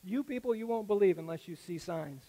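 A man's voice: high-pitched, animated, fairly quick, dark tone. A man voicing a stern teacher who bluntly rebukes a crowd for wanting signs. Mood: rebuking. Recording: echoey hall with long reverb.

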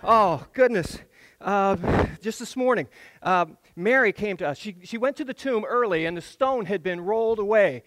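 A pastor playing the Apostle John, high voice. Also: male voice, lively intonation, normal speed, a bit bright. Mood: awed, earnest. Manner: earnest, breathless storytelling with stammered restarts. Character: Apostle John, adult man, awed eyewitness. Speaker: pastor acting in a church drama. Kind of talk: first-person dramatic monologue.

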